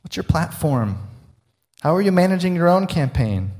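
A man's voice: a little high, very animated, normal speed, darkish tone. A man preaching a sermon in a conversational, humorous way, often asking his listeners questions. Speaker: pastor.

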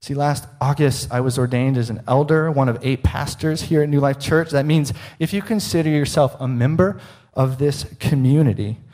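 A male pastor delivering a sermon in an earnest voice of middling pitch. He often sinks to a soft, low hush to drive a point home. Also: moderate pace.

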